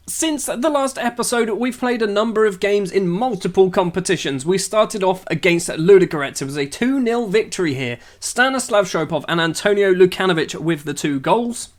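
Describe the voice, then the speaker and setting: A man's voice: high-pitched, expressive, moderate pace, few pauses. A young man casually talking through his football management game, dry and sarcastic. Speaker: gaming YouTuber.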